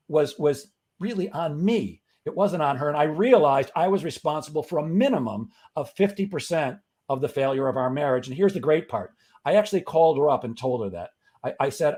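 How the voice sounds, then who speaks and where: A man's voice: fairly high pitch, warm tone. A middle-aged man guesting on a talk show, telling a personal story in an earnest way that builds to emphatic motivational advice. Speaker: guest, sales coach.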